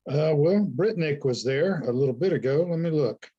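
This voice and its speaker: A man's voice: fairly high pitch, animated, normal speed, mellow, husky, lo-fi sound. A man hosting a podcast who chats in a loose way, reading out viewer comments and laughing at his own remarks. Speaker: podcast host. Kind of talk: podcast interview.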